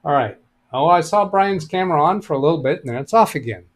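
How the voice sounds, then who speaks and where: A middle-aged man hosts a live stream, reading viewer chat aloud and answering computer questions while thinking out loud in a relaxed way. His voice is on the high side and he talks quickly.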